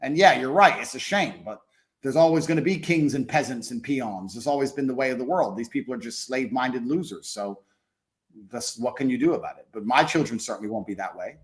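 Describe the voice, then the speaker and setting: A man as a podcast guest in casual conversation, blunt, profane and boastful, slowing down to stress points. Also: mid-range voice, animated.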